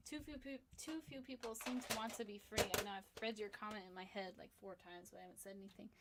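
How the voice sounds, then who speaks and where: A woman's voice: medium pitch, fairly even intonation, fast, heavy background noise. A young woman artist rambling through a story in casual chat while she draws, tired and sleepy, with lots of fillers. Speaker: comic artist livestreaming a drawing session.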